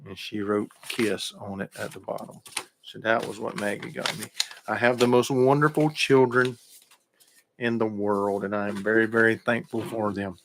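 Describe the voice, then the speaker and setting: A man's voice: lowish voice, steady tone, moderate pace, creaky, fairly bright tone, a little hiss or hum. A middle-aged man, hosting a radio show in a casual, folksy way and greeting listeners in the chat by name.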